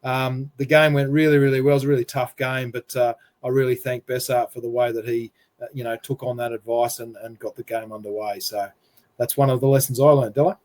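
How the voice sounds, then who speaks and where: A man, a football referee coach, telling a relaxed story full of fillers over a video call. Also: mid-range voice, a little fast.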